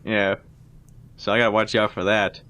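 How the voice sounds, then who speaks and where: A man's voice: fairly low pitch, normal speed. A man co-hosting a casual comedy podcast, riffing sarcastically with his friends. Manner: animated, sarcastic. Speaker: podcast co-host.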